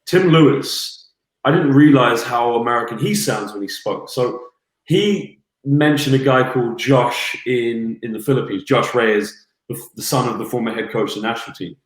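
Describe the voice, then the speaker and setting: A man's voice: mid-range voice, moderate pace. A basketball commentator and podcast guest, a man telling long, earnest stories in casual chat. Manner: earnest, rambling storyteller. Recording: roomy echo.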